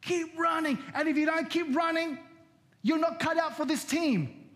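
A man doing a gruff barking soccer coach. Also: very high-pitched, level tone, a little fast, fairly bright tone, long reverb tail, voice pushed up. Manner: barking orders.

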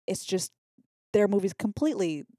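A woman co-hosting a casual podcast chat about a film, enthusiastic and full of trivia, with loose, halting phrasing and lots of fillers. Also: medium pitch, expressive, warm tone, dry recording, studio quality. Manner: enthusiastic, trivia-sharing, swears and laughs. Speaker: podcast co-host.

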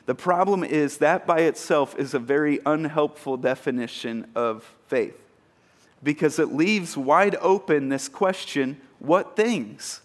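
A man preaching a sermon in a casual, self-mocking way, acting out scenes with animated exclamations. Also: on the high side, unhurried. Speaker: pastor.

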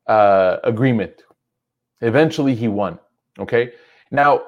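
A man's voice: mid-range voice, darkish tone. Man telling a story in a lecture. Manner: conversational, loose with many "like" and "you know" fillers.

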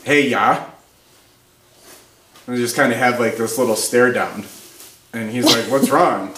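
A man talks unhurriedly at an ordinary middle pitch, a podcast guest spinning an anecdote in casual conversation. He tells it in an animated way and often breaks into laughter. The room around him rings a little, with a faint hiss underneath. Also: measured pace. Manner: animated, laughs through his stories. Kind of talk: casual storytelling chat. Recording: roomy with faint background noise.

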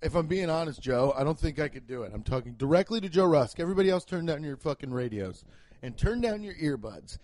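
A young man talks his way through a casual comedy podcast monologue, swearing freely and rambling from one story to the next. His voice sits fairly high for a man, and it jumps up suddenly whenever he acts out a punchline. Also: expressive, quick pace, a little mellow, no room sound. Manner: profane, jokey storytelling with abrupt pitch jumps.

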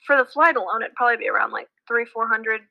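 A woman's voice: a little high, fast talker. A woman joining a casual chat remotely over a call, hesitant and trailing off. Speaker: remote team member. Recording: dull call audio.

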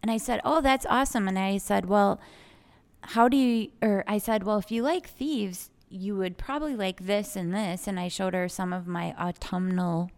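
On a laid-back podcast she co-hosts, a young woman who runs an aromatherapy shop chats animatedly about one of her customers, acting out their back-and-forth. Her pitch sits in the middle and she talks at an ordinary speed.

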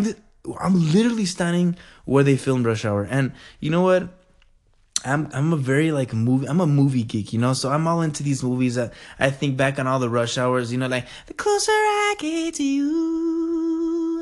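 A man telling a story in a casual, rambling and excitable way, full of fillers. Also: mid-range voice.

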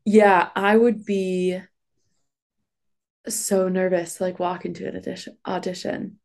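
A woman's voice: lowish voice, level tone, unhurried, gravelly, a little mellow. A woman hosting a podcast, chatting casually with a guest in a gushing way, with lots of filler words. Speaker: podcast host. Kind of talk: casual interview chat.

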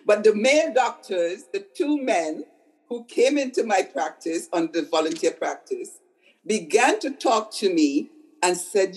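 A woman's voice: mid-range voice, lively intonation, measured pace, poor audio. An older woman, a psychotherapist, talking conversationally and repeating words for emphasis. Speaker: psychotherapist guest. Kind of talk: conversational storytelling.

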